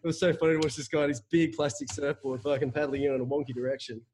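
A man with a husky voice, telling a profane, animated story in casual chat as a podcast co-host. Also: mid-range voice, racing, a little hiss or hum.

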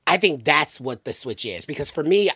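A man's voice: a little high, moderate pace, breathy edge, dry recording, clean studio sound. A man from the southern United States, a podcast guest chatting casually and animatedly, full of "like" and restarts. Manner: animated, filler-heavy, lots of "like" and restarts. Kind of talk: casual chat.

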